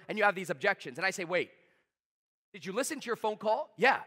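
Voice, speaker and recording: A man giving a live sales seminar, talking fast, emphatic and blunt, swearing freely at his audience. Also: high-pitched, animated, a bit bright, long reverb tail. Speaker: sales trainer.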